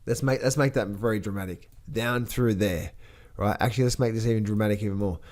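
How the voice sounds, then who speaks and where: A man's voice: on the low side, quick pace, darkish tone. Man, casual trading commentary, blunt, rambling, repetitive. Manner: blunt, rambling, repeats words, laughs at own jokes. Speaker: trading educator.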